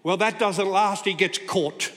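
A man's voice: high-pitched, fairly even intonation, unhurried, a bit bright. A man in his sixties preaching a sermon as a guest speaker, talking to the congregation in a conversational, playful storytelling way. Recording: long hall reverb.

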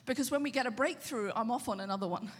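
A woman pastor preaching a sermon in a conversational, animated way, often asking the audience questions. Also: fairly high pitch, fast, slightly rough, long reverb tail.

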